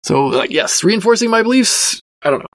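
A man hosting a casual talk show, thinking aloud with many fillers and careful hedges, a self-described quiet person. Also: high voice, expressive, fairly quick. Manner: thoughtful, hedging, self-reflective with many fillers. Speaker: podcast host reviewing a magazine. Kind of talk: casual spoken commentary.

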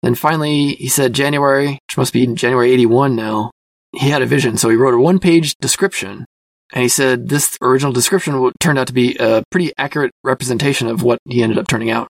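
A man hosting a casual talk show, thinking aloud with many fillers and careful hedges, a self-described quiet person. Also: mid-range voice, fast, no echo. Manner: thoughtful, hedging, self-reflective with many fillers. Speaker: podcast host reviewing a magazine. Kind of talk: casual spoken commentary.

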